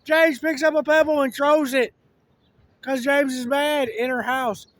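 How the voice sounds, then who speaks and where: A man's voice: very high voice, steady tone, a little slow, a bit bright. A man rambling through a casual monologue, slangy, with lots of restarts. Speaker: vlogger.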